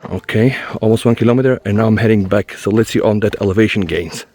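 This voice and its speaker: A man's voice: lowish voice, quick pace, dark tone. Panting man reviewing gear on a hike. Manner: chatty, addresses viewers as guys. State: out of breath from fast walking. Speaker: tech reviewer. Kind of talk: casual walk-and-talk review. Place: outdoors on a forest trail.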